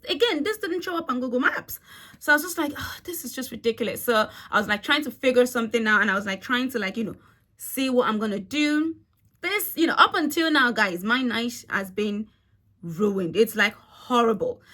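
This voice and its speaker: A young woman talks straight to camera in a loose, chatty storytelling flow. Her voice sits a little high and has a bright, forward edge. She swears freely and keeps the telling animated. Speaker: vlogger. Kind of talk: casual storytime.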